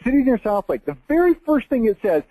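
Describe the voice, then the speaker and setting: A man's voice: very high voice, big pitch swings, brisk, dark tone, no echo, rough recording. A man in his forties from Texas, giving a blunt, emphatic marketing tutorial over a screen share, with mocking asides. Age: 40s. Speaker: marketing presenter.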